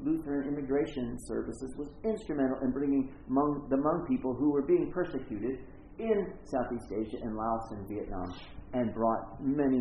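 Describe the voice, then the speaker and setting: An older man speaks to a congregation in an easy, rambling way, checking in with his listeners as he goes. His voice sits in a middle pitch. It comes through a thin, phone-like line that echoes in the room. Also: a little hiss or hum. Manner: chatty, keeps checking in with "right?". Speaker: church speaker. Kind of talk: conversational talk to a congregation.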